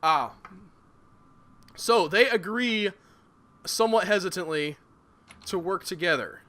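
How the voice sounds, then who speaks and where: A man's voice: high voice, slow. A man chatting casually and joking while he plays a tabletop story game with friends. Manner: jokey, animated. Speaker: tabletop game player and show regular. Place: living in the Southern US.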